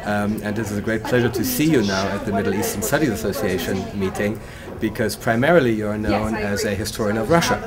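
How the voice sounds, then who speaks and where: A man's voice: lowish voice, fast, few pauses, loud music behind the voice. A man interviewing a senior scholar at an academic conference, speaking hesitantly with frequent filler sounds. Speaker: interviewer and incoming society president. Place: conference hall. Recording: roomy hall, distant mic, crowd noise.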